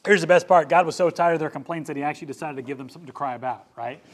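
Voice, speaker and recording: Animated, joking male youth preacher. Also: a little high, racing. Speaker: youth pastor. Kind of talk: sermon.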